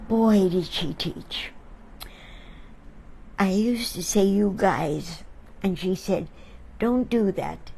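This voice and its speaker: A woman hosting a talk, telling reflective stories about friends to an audience in a slow, thoughtful way. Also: medium pitch, vocal fry, dark tone, slight background noise, low-quality recording. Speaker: artist and host.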